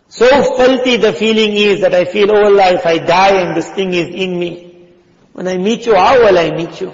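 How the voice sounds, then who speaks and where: Fervent male preacher, higher voice, dull recording in a long-echo hall. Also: brisk. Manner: impassioned, acts out quoted voices, drops to hushed tones. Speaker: Islamic preacher. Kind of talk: sermon. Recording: dull sound in a reverberant hall.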